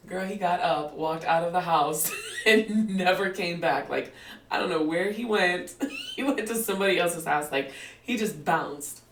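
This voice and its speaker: Animated woman storyteller, distant roomy mic. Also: on the low side, normal speed, slight background noise. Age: 40s. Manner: animated storyteller who acts out quotes and laughs often. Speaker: podcast guest. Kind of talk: casual storytelling in an interview.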